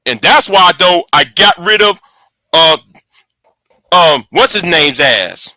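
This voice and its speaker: Animated angry man ranting, bright voice. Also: fairly high pitch, slow, no echo. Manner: angry, profane, repeats and restarts words. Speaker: channel host. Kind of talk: casual livestream rant.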